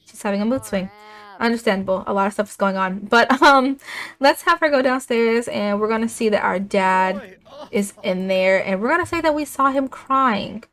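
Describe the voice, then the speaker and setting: A woman's voice: on the high side, normal speed, a bit bright. A young woman giving casual commentary as she plays a life-sim game, chatting along and speaking her characters' lines in her own voice. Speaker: let's play gamer.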